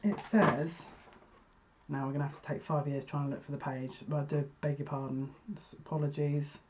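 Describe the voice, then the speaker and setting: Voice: medium pitch, steady tone, normal speed, a little mellow, lo-fi sound, slight background noise. A psychic reader giving a casual, rambling card reading to viewers, often breaking off mid-sentence. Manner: chatty, rambling, self-interrupting.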